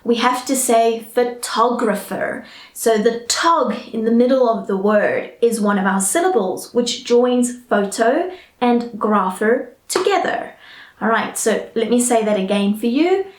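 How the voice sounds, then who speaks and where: A woman with a British English accent teaching English pronunciation in a chatty way, often checking in with "all right?" and slowly modelling each word. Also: fairly high pitch, expressive, echoey room. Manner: slow, careful model pronunciations. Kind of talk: online English lesson.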